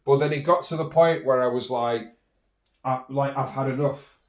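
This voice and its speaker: A man's voice: medium pitch, normal speed, distant mic. Man rambling through a story, roomy echo. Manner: rambling, with many restarts and fillers. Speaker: podcast host. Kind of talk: personal storytelling monologue.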